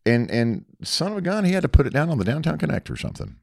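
A man's voice: on the high side, big pitch swings, very fast, vocal fry, darkish tone, no echo, studio quality. A man hosting a radio show, chatting in a folksy, joking way and reading live ads. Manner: folksy, jokey, teasing. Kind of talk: casual chat and live ad read.

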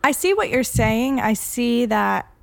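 A woman's voice: on the high side, lively intonation, a little slow, creaky, dry recording. A woman co-hosting a podcast, laid-back, laughing easily and swearing casually. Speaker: podcast co-host.

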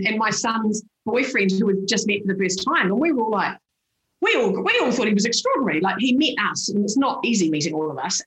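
Blunt woman, roomy echo. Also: fairly high pitch. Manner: blunt, frank and animated, laughs often. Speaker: podcast guest. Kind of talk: casual chat.

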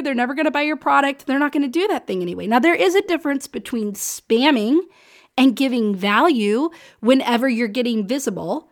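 Woman podcast host, kinda high voice, chatty and emphatic, laughs a lot, acts out little quotes. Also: animated, brisk. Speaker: podcast host and business coach. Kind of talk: solo podcast talk.

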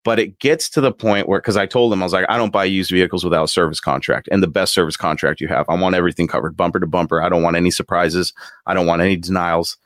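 Male host, very deep voice, dry close sound, animated storyteller who laughs a lot. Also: quick pace, no room sound. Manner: animated, acts out quotes with laughs. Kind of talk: casual storytelling.

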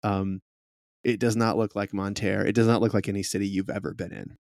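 A man's voice: lowish voice, little pitch movement, creaky, darkish tone, no room sound, clean studio sound. Man narrating as game master. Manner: slow, descriptive, with fillers.

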